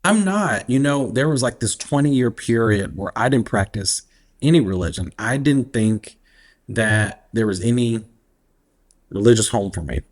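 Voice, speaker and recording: A man, speaking as an interview guest in a reflective, unhurried way and laughing easily. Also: medium pitch, lively intonation. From Alabama, US. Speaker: guest, activist. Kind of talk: casual interview conversation.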